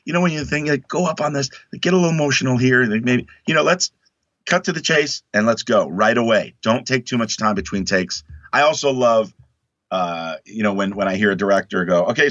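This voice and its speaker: A man talking as a guest in a casual interview, emphatic and animated, acting out quotes in other voices. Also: medium pitch, dry recording. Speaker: actor guest. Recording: dull lo-fi dry sound.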